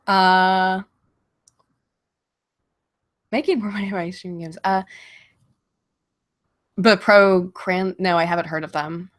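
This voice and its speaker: A woman's voice: on the low side, steady tone, a little slow. A woman from Virginia and Baltimore answering viewer questions on a casual livestream, blunt and profane, laughing often, on a desk mic at home.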